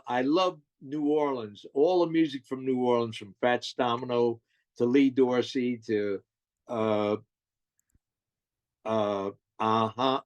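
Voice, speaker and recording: An older man from New Jersey talks about his life as a guest on an interview show. His voice sits at an ordinary pitch, and he speaks with eager enthusiasm. He trips over his words and restarts his sentences as he goes. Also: muffled recording. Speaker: guest musician. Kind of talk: casual interview storytelling.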